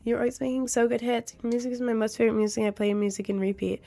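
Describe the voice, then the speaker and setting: A woman chats on a livestream, reading viewer comments aloud and filling her talk with "um" and "like." Her voice is pitched a little high, sounds nasal from lingering congestion after a cold, and carries a gravelly fry. Soft music plays faintly behind her. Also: fairly even intonation, very fast. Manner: chatty, with many fillers like "um" and "like".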